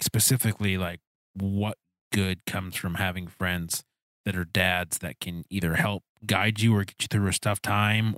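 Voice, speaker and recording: Male podcast host, very low voice, loose rambling questions, dry close mic. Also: fairly bright tone, no room sound. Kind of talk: casual conversational interview.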